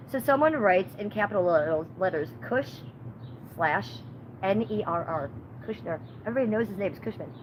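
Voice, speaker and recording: A woman's voice: medium pitch, lively intonation, moderate pace, a little hiss or hum, rough recording. A woman hosting her own livestream, rambling through profane, gossipy stories in casual chat. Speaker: livestream host.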